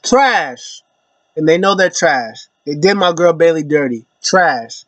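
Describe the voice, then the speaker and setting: A young man giving a casual, animated wrestling recap in slangy talk, now and then acting out the wrestlers in a pitched-up voice. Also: slow pace, no echo. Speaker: wrestling show reviewer. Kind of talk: casual opinion vlog.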